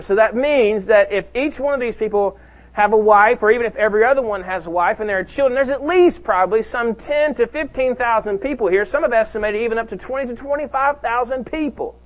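A man's voice: high-pitched, lo-fi sound. A male pastor preaching a sermon, emphatic and calling out to his congregation.

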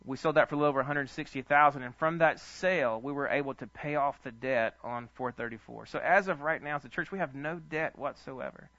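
Bright-voiced pastor preaching. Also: male voice, medium pitch, a little fast, hardly any pauses, no echo. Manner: animated, chuckling storyteller. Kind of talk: storytelling sermon. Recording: dull lo-fi dry sound.

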